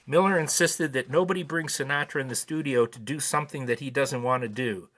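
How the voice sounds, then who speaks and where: A man's voice: mid-range voice, brisk, fairly bright tone. A man in his seventies hosting a podcast, reading prepared notes with dry, wry asides. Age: 70s. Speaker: podcast host. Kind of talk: casual commentary reading notes.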